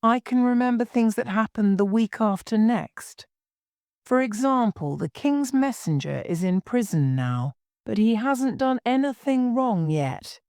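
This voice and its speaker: A fussy, scatterbrained old queen from a storybook, put on by a woman reading aloud. She speaks in a high, fluttery voice with wailing cries and keeps an unhurried pace. The recording is close and dry. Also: expressive, a little mellow, clear, resonant tone, dry recording.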